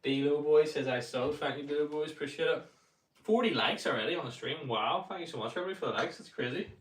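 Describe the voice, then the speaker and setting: A man with a Northern Irish accent hosting a livestream, reading out viewer comments quickly while practising his putting. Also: fairly high pitch. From Northern Ireland. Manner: speaking quickly to keep up with the chat. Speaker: livestream host. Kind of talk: live-stream chat reading during putting practice. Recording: roomy sound from a distant mic with faint noise.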